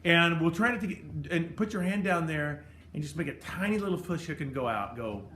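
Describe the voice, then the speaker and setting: A man's voice: a little high, animated, a little fast, pushed and bright, slight background noise. A man teaching a conducting class, coaching a student with instructive, encouraging remarks and sung beats. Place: rehearsal room with a choir. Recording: roomy echo, music behind.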